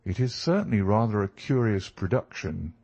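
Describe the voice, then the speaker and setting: A man's voice: fairly low pitch, very animated, moderate pace, darkish tone, no room sound, lo-fi sound. A man voicing a brilliant male detective who lectures in a precise, superior way. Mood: lecturing.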